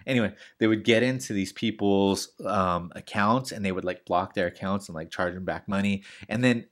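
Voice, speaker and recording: A man's voice: low voice, moderate pace, few pauses. A man in casual podcast chat, telling rambling stories full of "like" and restarts, with the odd swear.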